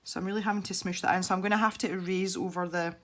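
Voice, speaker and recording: A woman's voice: on the low side, steady tone, rapid-fire, fairly bright tone. A Scottish woman from Scotland, chatting casually while demonstrating an art technique for her channel, rambling and laughing easily. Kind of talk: casual tutorial chat while colouring.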